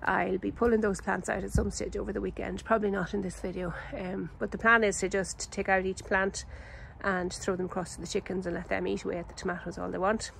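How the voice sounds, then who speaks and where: An Irish woman giving a casual, unhurried walkthrough of her vegetable garden outdoors, chatty and full of ums and self-corrections. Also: mid-range voice, level tone, vocal fry, a little hiss or hum, rough recording. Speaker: home gardener and channel host.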